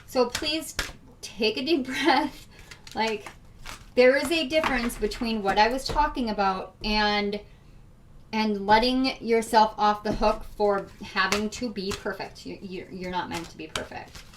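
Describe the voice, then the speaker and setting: A woman's voice: medium pitch, measured pace, far from the mic, noisy background. A woman doing a casual tarot reading, chatty and emotional, with frequent laughs and fillers. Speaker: tarot reader.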